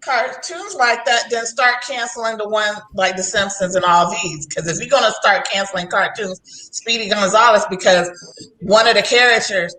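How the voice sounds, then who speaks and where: A woman hosts a casual livestream chat with a sharp, bright voice. She rambles along in a chatty way and laughs often. The room around her is echoey. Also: medium pitch, moderate pace. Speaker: host.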